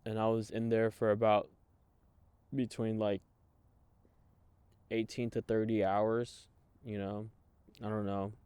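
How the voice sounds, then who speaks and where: A man, a guest in an interview, telling his own story in a raw, emotional way, swearing freely and halting often. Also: on the low side, little pitch movement, dark tone, smooth, dry recording. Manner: halting, many fillers and restarts. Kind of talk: candid personal storytelling.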